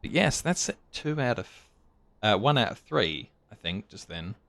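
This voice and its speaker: This is a man hosting his own gaming channel, narrating his game live in an easy, think-out-loud manner. His voice sits on the low side yet sounds bright and forward. He swings up and down in pitch with lively, excitable energy. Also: moderate pace, gravelly, slight background noise. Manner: thinks aloud, excitable outbursts. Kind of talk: live gameplay commentary.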